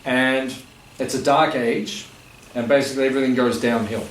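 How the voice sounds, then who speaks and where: A man with a medium-pitched, fairly even voice talks at a normal speed, sounding far from the mic in an echoey festival gathering room with faint noise. He is a spiritual teacher giving a conversational, joking talk to a live audience, full of fillers.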